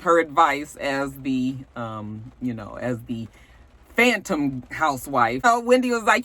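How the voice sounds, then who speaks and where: A woman's voice: extremely low pitch, animated, unhurried, a bit bright. Sassy, blunt woman recapping gossip. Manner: sassy, blunt, gossipy, with frequent asides and profanity. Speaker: reality TV recap vlogger. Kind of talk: casual recap commentary.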